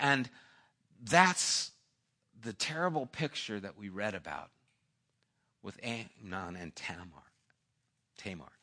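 A man's voice: lowish voice, bright, forceful tone. A man preaching a sermon, telling a story and acting out its dialogue, sometimes dropping almost to a whisper. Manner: storytelling, acts out dialogue in voices. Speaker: pastor.

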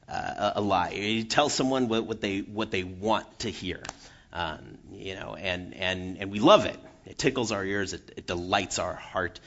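A man giving a casual, chatty sermon to a congregation, self-deprecating, with lots of restarts and quick "right?" tags. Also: deep voice, a bit bright. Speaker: preacher. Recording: dull lo-fi sound.

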